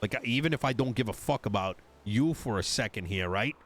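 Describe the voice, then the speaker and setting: Speaking at a medium pitch, a man brings brisk, expressive delivery to his politician character in an online roleplay. Fed up and swearing, he relays an argument complete with quoted dialogue.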